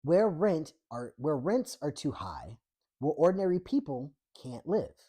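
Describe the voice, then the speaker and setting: A woman voicing a male union leader at a rally, trying an Australian accent while reading his words slowly. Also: low voice, very animated, warm tone, slightly rough, heavily acted. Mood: earnest. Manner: attempted Australian accent, slow speech.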